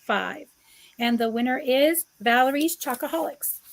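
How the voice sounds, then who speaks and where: Woman, co-host, casual chat, gushing, giggly, fairly high pitch. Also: lively intonation, a little slow, gravelly.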